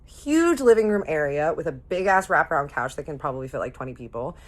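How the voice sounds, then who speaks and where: A woman's voice: sits low, fast talker. A woman telling a personal story to her viewers in a casual, chatty way, acting out what people said. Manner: chatty, animated retelling with quoted voices. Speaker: storytime vlogger.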